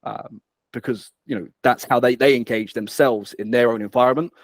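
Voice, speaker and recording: A man's voice: medium pitch, normal speed. A man talks as a guest in a business interview. He speaks energetically and often repeats a word before his point comes out. The sound is dry, with no room echo. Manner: energetic, repeats words when starting phrases. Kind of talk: conversational interview.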